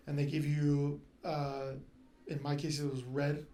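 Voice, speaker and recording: A man from Fresno telling animated stories in casual podcast chat, swearing freely. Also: on the high side, a little slow. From Fresno, California. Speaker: guest storyteller.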